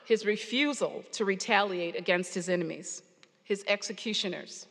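A woman preacher giving a sermon, earnest and storytelling with pauses, in a church sanctuary. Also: medium pitch, fairly bright tone. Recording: long hall reverb.

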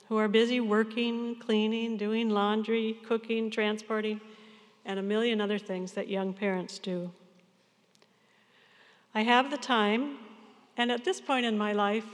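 Woman in her sixties, pastor, earnest measured sermon, long church reverb. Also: mid-range voice. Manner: earnest, measured farewell address.

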